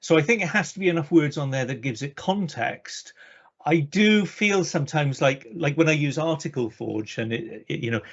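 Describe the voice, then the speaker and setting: A man's voice: on the high side, animated, moderate pace, highs cut off. A man in casual conversation, explaining his points in an easygoing way, with examples.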